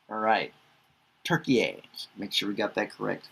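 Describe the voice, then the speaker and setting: Slow, gravelly man drilling country names. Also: lowish voice, a bit bright. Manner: repeats each word slowly, chatty asides; self-correcting, laughs at own slips. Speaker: English teacher. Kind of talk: casual pronunciation lesson.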